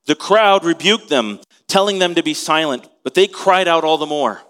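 A man's voice: a little high, animated, moderate pace, a bit bright. A man preaching an expository sermon in a conversational way, asking his listeners questions as he teaches. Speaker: pastor.

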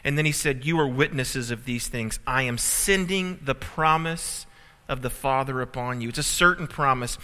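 A man's voice: on the high side, bright, forceful tone. A man preaching a sermon as pastor, telling a family story with humor and building emphasis. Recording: reverberant hall.

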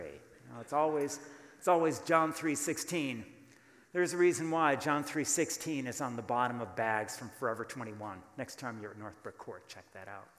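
Male pastor, animated sermon delivery, roomy church sound. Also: mid-range voice. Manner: emphatic, rhetorical questions, asks the congregation to answer.

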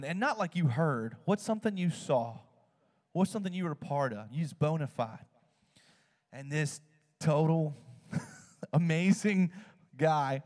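A man preaching in a casual, animated storytelling way. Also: mid-range voice. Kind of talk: sermon storytelling. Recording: long hall reverb.

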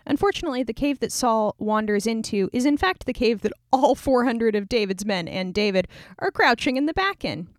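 Lady retelling bible stories all casual and wry, slangy, kinda high voice. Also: animated, a little fast, no room sound, clean studio sound. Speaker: storyteller.

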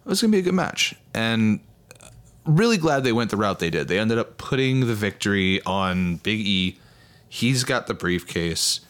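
A man's voice: on the low side, big pitch swings, moderate pace, fairly bright tone. A young man hosting a casual solo podcast, laid-back and rambling, swearing freely as he talks. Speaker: podcast host.

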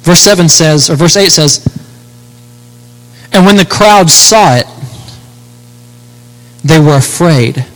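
A man preaching a sermon, expounding scripture with rhetorical questions and slowing down to stress key words. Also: a little high, fairly bright tone. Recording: long hall reverb.

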